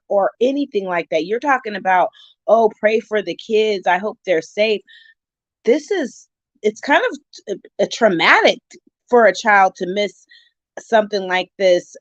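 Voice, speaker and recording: A woman's voice: mid-range voice, no room sound. A middle-aged woman gives a casual, opinionated reaction vlog, speaking straight to the viewer. The sound is dry and close. The recording is dull and a little lo-fi. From California. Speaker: vlogger reacting to another channel. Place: home at night.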